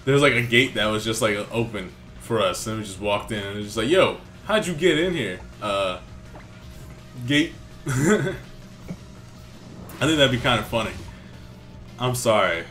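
A man's voice: on the low side, normal speed, long pauses, bright, forceful tone, faint music behind. A young man casually commenting on his gameplay in a laid-back, slangy way. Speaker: let's play host.

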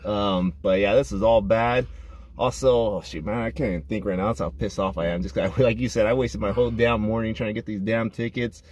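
A man's voice: fairly low pitch, steady tone, brisk, a little mellow. Frustrated man in casual podcast chat. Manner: frustrated, laughing between complaints. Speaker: podcast co-host.

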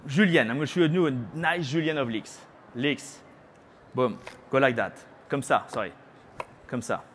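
A middle-aged man from France, a chef with a French accent, gives a live cooking demo on a trade-show stage at a moderate pace. His medium-pitched voice has a fairly bright tone, and he's chatty and playful, teasing the crowd and using French words. Slight background noise can be heard.

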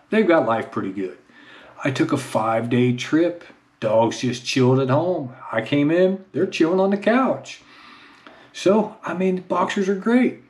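A middle-aged man, telling a casual, self-mocking story at home in his home office. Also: medium pitch. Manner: chatty, self-mocking, rises into excited baby-talk with the dog. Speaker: vlogger.

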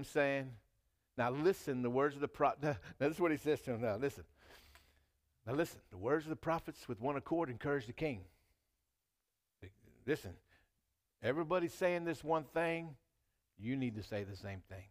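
A man's voice: on the high side, normal speed. A man preaching a sermon in a church, talking casually and reading scripture aloud with rising emphasis. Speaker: pastor.

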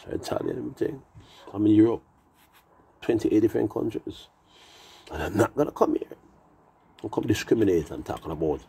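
A man's voice: deep voice, gravelly, dark tone, slightly rough. A man who has been drinking, rambling through a profane, meandering monologue full of wordplay. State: tipsy from drinking.

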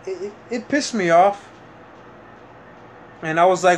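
A young man talks straight to his camera in a loose, rambling vlog, restarting sentences and piling up fillers as his frustration shows. His voice sits a little high for a man, and a faint hum of room noise runs under it. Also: expressive, normal speed, long pauses. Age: young adult. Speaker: vlogger. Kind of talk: casual vlog monologue.

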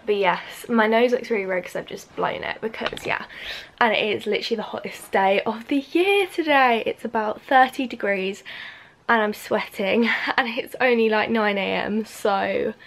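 A woman's voice: on the high side, vocal fry, a bit bright, rough recording. A young woman, chatting casually in a beauty vlog at home, gushing with lots of fillers. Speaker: beauty vlogger. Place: home, indoors.

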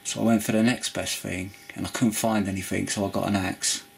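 A man's voice: lowish voice, level tone, a little fast, vocal fry, breathy edge. A man giving an earnest, rambling spoken testimony about forgiveness, full of restarts and asides. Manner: rambling, earnest, with frequent restarts and "you know". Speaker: Christian video preacher. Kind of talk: informal spoken testimony and preaching.

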